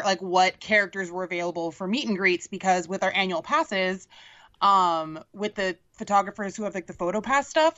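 A woman co-hosting a podcast, casually telling an animated story, swearing and laughing as she goes. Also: mid-range voice, highs cut off. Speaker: podcast co-host. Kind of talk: casual chat.

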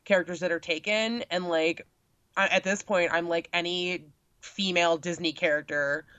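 A young woman chatting casually about a cosplay meetup, with lots of filler words and animated quoting. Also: lowish voice, moderate pace, no room sound. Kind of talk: casual chat. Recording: dull lo-fi sound.

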